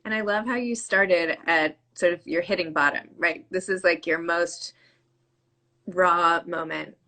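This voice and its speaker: A woman's voice: fairly low pitch, steady tone, unhurried, sharp tone. A woman in her forties hosting an interview from her desk over a video call, chatty and effusive, laughing often. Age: 40s. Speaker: podcast host. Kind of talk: casual interview chat. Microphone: home desk setup on a video call.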